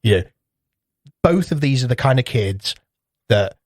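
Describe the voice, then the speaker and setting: A man's voice: mid-range voice, animated, measured pace, darkish tone, dry recording. Rambling, swearing man, dry close sound. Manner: rambling, swears freely, acts out voices in anecdotes. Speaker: podcast co-host. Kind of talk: casual chat.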